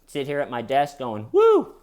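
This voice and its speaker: Low-voiced man telling a comic crime story. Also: moderate pace. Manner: jokey, acts out quotes in silly voices. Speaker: true crime comedy host. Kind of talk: casual storytelling with sponsor read. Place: at his desk.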